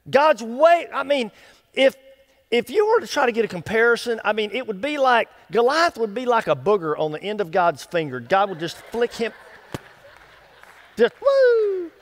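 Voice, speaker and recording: A male associate pastor preaching a sermon, telling the story with lively folksy asides and acting out the quotes. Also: very high voice, moderate pace. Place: church sanctuary. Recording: long reverb of a church hall.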